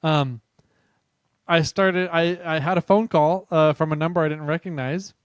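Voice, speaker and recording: A man's voice: a little high, fairly even intonation, normal speed, smooth, dry recording, studio quality. A man hosting a podcast, chatting casually and retelling a funny story with laughter. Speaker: podcast host.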